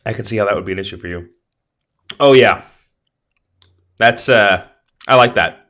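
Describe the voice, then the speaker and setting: A man's voice: on the low side, normal speed, fairly bright tone. A man co-hosting a casual movie podcast, teasing his co-host and laughing often. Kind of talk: casual chat.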